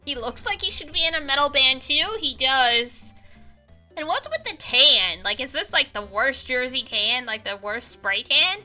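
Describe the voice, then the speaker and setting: A woman streamer chats through a game, joking and cursing casually. Her voice is high and very bright. She speaks slowly and with a lively, swinging pitch, while faint music plays behind her. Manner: chatty, joking, swears casually. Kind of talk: casual gameplay commentary.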